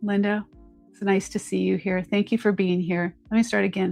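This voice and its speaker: A woman's voice: mid-range voice, little pitch movement, normal speed, gravelly, darkish tone, soft background music. A woman hosting a live jewelry auction stream, chatty and upbeat, talking straight to her viewers. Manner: chatty, upbeat, addresses viewers as "you guys". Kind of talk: live-stream selling chat.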